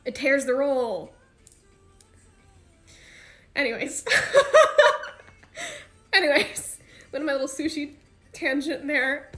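A woman's voice: high-pitched, slow pace, pauses often, a bit bright, faint music behind. A young woman in her twenties chatting casually on a livestream with fans, rambling and slangy with lots of fillers. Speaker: idol livestream host.

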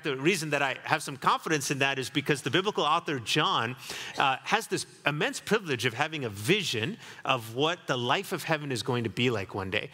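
A man's voice: medium pitch, sharp tone, in a large hall. A man preaching a sermon as pastor, reflective and building to emphatic repetition, in a church sanctuary.

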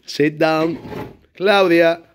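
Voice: medium pitch, fairly even intonation, extremely slow, a little hiss or hum. A primary school teacher running an animal-word game in a classroom, praising and directing the children. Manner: encouraging, praising each child.

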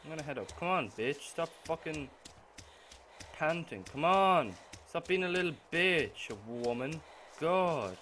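A young man talks over a game, swearing nonstop. His voice swings widely in pitch as quiet muttering breaks into sudden shouts. There is a clear hiss of noise under the recording. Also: lively intonation, unhurried. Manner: swears constantly, muttering that bursts into sudden yells. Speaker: gaming channel host. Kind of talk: profane gameplay commentary. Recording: noisy gameplay recording.

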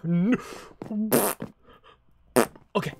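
Excitable man narrating his gameplay. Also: drawn-out words, over music. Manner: excitable, talks to game creatures, panicky outbursts. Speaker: gaming channel host. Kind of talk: casual Let's Play commentary.

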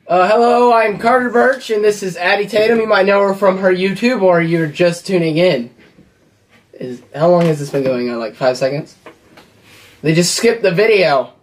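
A man's voice: high-pitched, normal speed. A young man co-hosting a comedy channel, chatting goofily to camera with rambling, jokey asides. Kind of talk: goofy casual chat to camera.

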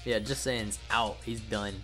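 A man's voice: on the low side, fairly even intonation, unhurried, music in the background. A man chatting casually while playing a video game, giggling often and rambling. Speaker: let's play commentator. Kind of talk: casual gameplay chat.

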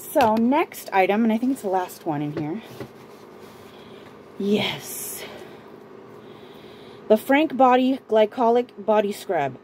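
A woman's voice: mid-range voice, a little mellow, slight background noise, low-quality recording. A woman vlogger from Southern California, casually chatting through a beauty and clothing haul, rambling and stopping herself often. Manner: chatty, rambling, self-interrupting, laughs often. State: out of breath. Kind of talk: casual haul video chat.

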